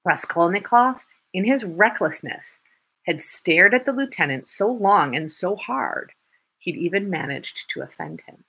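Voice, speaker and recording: Woman reading an old novel aloud, lively pitch, bit husky, low-ish voice. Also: unhurried. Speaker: narrator. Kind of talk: audiobook reading of a classic novel.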